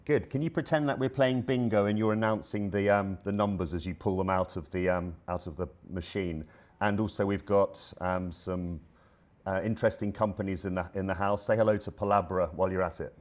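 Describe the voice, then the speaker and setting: A man with a low voice gives a live product demo on a conference stage. He talks casually and apologizes when the demo goes sideways. The sound echoes around a big hall. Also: fairly even intonation, brisk, darkish tone. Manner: chatty, apologetic, prompts the avatars. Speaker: presenter demoing AI avatars.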